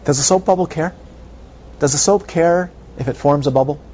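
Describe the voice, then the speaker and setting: On a dull, lo-fi recording with a faint hiss, this meditation teacher delivers a dharma talk full of repeated phrases and playful rhetorical questions. He has a warm, slightly high voice and a moderate pace.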